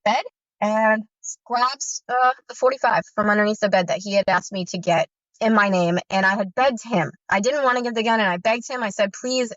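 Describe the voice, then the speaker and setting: A woman recounting her own story in earnest personal testimony, halting, with frequent fillers and restarts. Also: mid-range voice, fairly bright tone, dry recording. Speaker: guest survivor recounting abuse. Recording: muffled, dry recording.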